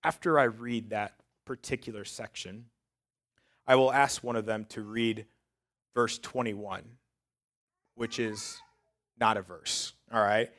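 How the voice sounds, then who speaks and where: A man, a church pastor, preaching in a conversational way that builds to loud, emphatic peaks. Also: on the low side, steady tone, slow, pauses often. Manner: self-described sarcastic. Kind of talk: sermon.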